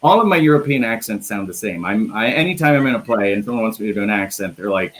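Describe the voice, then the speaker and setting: A man's voice: fairly low pitch, lively intonation, fast, hardly any pauses, fairly bright tone, rough recording. A man from the Midwest hosting a casual live interview over a video call, chatty and joking, often restarting his phrases. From American Midwest. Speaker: interview host.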